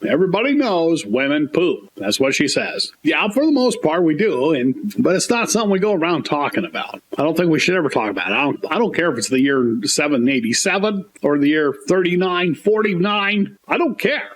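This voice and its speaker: A man co-hosting a comedy podcast, talking in animated, rambling, mock-indignant rants. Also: on the high side, brisk.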